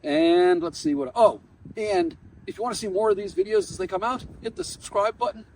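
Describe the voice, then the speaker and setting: A male attorney telling a story about himself in a lively, self-mocking way on his vlog. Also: very high voice, brisk, creaky, recorded from a distance, slight background noise, low-quality recording.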